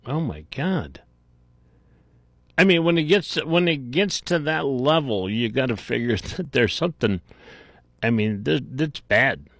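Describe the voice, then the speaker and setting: A man hosting a call-in radio show, talking bluntly with many restarts and quick bursts. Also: mid-range voice, animated, gravelly, a bit bright, dry recording. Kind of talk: talk radio chat.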